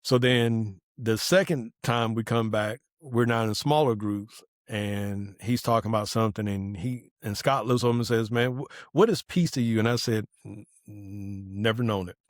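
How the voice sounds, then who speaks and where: A man's voice: mid-range voice, fairly even intonation, moderate pace, few pauses, dry recording, clean studio sound. A man, a podcast guest telling a personal testimony in casual conversation, earnest and acting out the dialogue he quotes.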